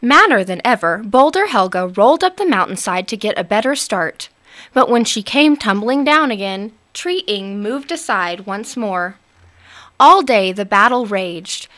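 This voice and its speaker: A woman narrating a storybook aloud in an expressive, unhurried manner. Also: medium pitch.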